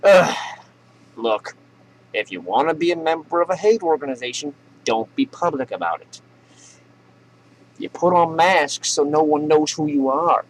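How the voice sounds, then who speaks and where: Profane, sarcastic comedy news host. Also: male voice, fairly high pitch, expressive, unhurried, long pauses, a little hiss or hum, low-quality recording. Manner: profane, sarcastic, laughs at his own jokes. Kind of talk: ranting comedic news commentary.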